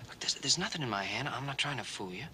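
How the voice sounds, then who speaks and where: An actor playing a patient young man teaching a deaf girl to sign, speaking slowly, gently and often in a hush, in a 1960s television western. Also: medium pitch, animated, lightly acted. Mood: patient coaxing. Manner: slow, coaxing, gentle, often hushed. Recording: hissy old TV soundtrack.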